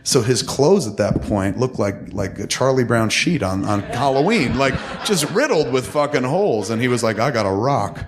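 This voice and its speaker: A man's voice: mid-range voice, moderate pace, hardly any pauses, a crowd in the background. A man in his fifties, a podcast co-host telling a long story in casual, profane talk and acting out the voices of the people in it. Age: 50s. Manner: profane, animated, acts out quoted voices.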